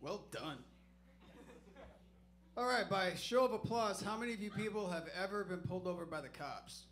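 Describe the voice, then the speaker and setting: A man's voice: high voice, animated, moderate pace, noisy background. A man doing stand-up comedy, telling a story in a loose, profane, self-mocking way on a comedy club stage.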